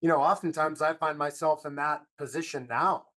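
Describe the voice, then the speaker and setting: Reflective podcast host, higher-pitched man. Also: steady tone, normal speed, a bit bright. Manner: reflective, encouraging, filler-heavy. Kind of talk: casual conversation.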